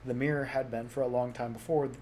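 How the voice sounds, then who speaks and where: A man narrating a storybook aloud in a soft, measured reading voice. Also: mid-range voice, steady tone, slight background noise. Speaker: audiobook reader.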